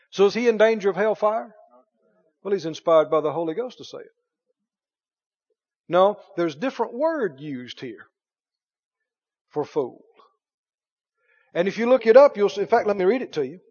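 A man preaching a sermon as pastor, reading scripture aloud with animated delivery. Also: fairly high pitch. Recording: dull sound in a long-reverb hall.

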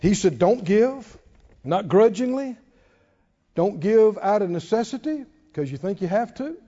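High-voiced emphatic preaching man. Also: sing-song, unhurried, dark tone, big-room sound, lo-fi sound. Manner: emphatic preaching, calls out to the congregation. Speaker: pastor. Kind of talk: sermon.

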